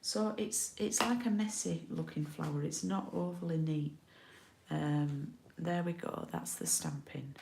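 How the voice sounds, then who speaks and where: A woman's voice: low-pitched, steady tone, measured pace, gravelly, darkish tone, reverberant, slight background noise. A middle-aged woman from the UK giving a casual card-making tutorial, chatty and often checking in with her viewers.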